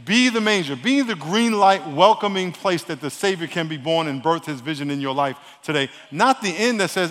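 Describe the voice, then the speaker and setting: Male preacher, New York accent, quick delivery, slightly raised pitch, big reverberant sanctuary sound. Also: animated, fairly bright tone. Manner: fast-talking, call-and-response with congregation. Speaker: pastor. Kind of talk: sermon. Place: church sanctuary. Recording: long church hall reverb.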